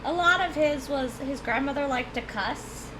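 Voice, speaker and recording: Woman game streamer, light Southern accent, high chatty voice, faint noise in the background. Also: moderate pace. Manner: chatty, giggly, rambling. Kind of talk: casual chat while streaming a game.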